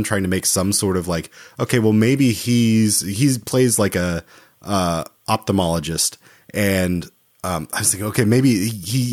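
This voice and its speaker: Male podcast co-host, low voice, hesitant and meandering delivery. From Oklahoma, USA. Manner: hesitant, many restarts and fillers. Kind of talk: casual film discussion.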